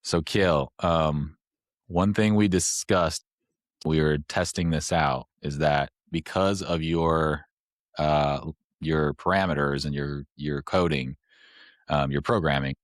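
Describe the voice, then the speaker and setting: Brief: male podcast host, extremely deep voice, rambling casual explainer, dry close sound. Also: steady tone, takes it slowly, no room sound. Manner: rambling, explains step by step with fillers.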